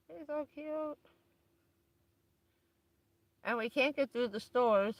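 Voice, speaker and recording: A woman's voice: sits high, takes it slowly, pauses often. A woman hosting a livestream, telling stories in a chatty way and laughing often. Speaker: livestream host. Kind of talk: casual chat to a live audience.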